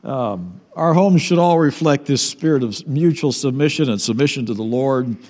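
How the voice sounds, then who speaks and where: A man pastor preaching a sermon to his congregation, talking in a relaxed, conversational way with fillers and repeated words. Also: mid-range voice, moderate pace. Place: church sanctuary. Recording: long church reverb.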